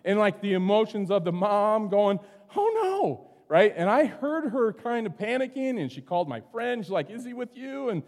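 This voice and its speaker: A middle-aged man preaching a sermon in a church sanctuary, telling stories in a relaxed, conversational way and often checking in with "right?". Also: high-pitched, moderate pace, hardly any pauses. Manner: conversational, storytelling, keeps asking "right?". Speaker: pastor. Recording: long hall reverb.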